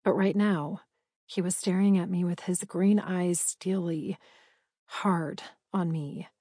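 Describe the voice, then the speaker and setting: A young woman reading a first-person romance audiobook, expressive and breathless in the character's inner thoughts. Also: lowish voice, slow pace, breathy edge, no room sound, studio quality. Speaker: audiobook narrator.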